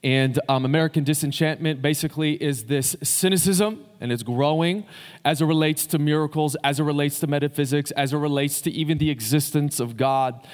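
A man's voice: fairly high pitch, a little fast. A man preaching a sermon in a loose, conversational way, with fillers and restarts, addressing his congregation. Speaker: pastor. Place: church sanctuary. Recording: long hall reverb.

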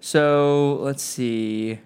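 A man's voice: medium pitch, fairly even intonation, drawn-out words, darkish tone, smooth. A man hosting a casual podcast chat, reading out listener questions and laughing often. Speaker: podcast host.

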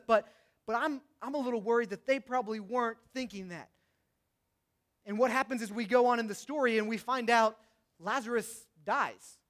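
High-voiced passionate young male preacher. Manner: swings between passionate, loud outbursts and hushed, reflective tones. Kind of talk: sermon.

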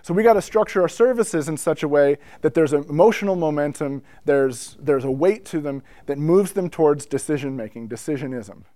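Male speaker, higher pitch, casual lecture with acted-out quotes, dry recording. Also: no echo. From North America. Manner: animated, acts out quotes, laughs while telling stories. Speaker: speaker giving a talk on church worship history.

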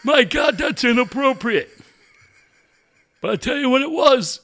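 A man's voice: very high-pitched, animated, measured pace, bright, forceful tone, exaggerated voice. A man voicing a cranky old male caller who rambles about local nobodies in a quavering old-timer manner.

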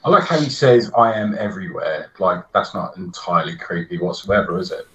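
A man's voice: deep voice, expressive, a little fast, a bit bright, highs cut off. A man co-hosting a podcast in casual chat, hesitant with many fillers and some swearing. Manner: hesitant, lots of ums, profane. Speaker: podcast co-host.

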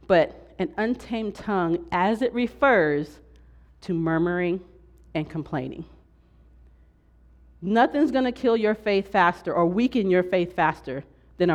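Lively woman teaching a church class. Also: on the low side. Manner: lively, acts out complaining voices, frequent "right?" and "okay?".

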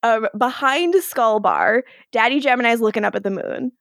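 A woman's voice: on the high side, moderate pace, a bit bright, no room sound, studio quality. A woman co-hosting a podcast, recapping an episode in casual chat and laughing often. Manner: giggly, breaks into character voices.

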